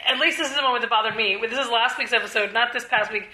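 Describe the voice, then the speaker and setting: A woman's voice: a little high, very fast, sharp tone. A woman co-hosting a casual TV podcast, chatty and wry, often answering "right". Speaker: podcast co-host. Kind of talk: casual chat. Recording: roomy echo.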